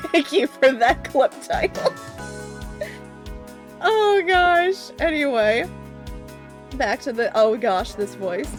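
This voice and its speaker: Giggly high-voiced woman streamer. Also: expressive, takes it slowly, long pauses. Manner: giggly, reactive, swears. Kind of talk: casual gameplay commentary. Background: music.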